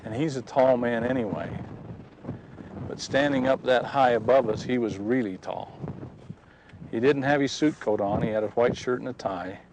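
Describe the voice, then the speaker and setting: A man telling a personal story in a folksy, animated way, recorded outdoors. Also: mid-range voice, normal speed, noisy background. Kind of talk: personal testimony told outdoors.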